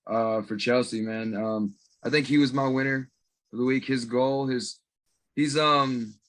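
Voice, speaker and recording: Hesitant man guest on a podcast. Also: medium pitch. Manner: hesitant, many fillers. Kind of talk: casual podcast chat.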